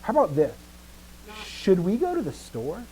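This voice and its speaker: A man's voice: sits high, moderate pace, slight background noise, rough recording. A man teaching a live grammar lesson, asking the class questions and restarting his sentences as he thinks. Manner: lively, asks questions and answers himself.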